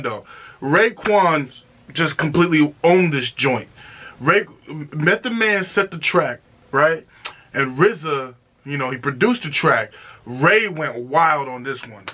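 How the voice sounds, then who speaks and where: A man reviewing an album in an excited, casual way, exclaiming and repeating himself. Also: on the high side. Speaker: music reaction reviewer.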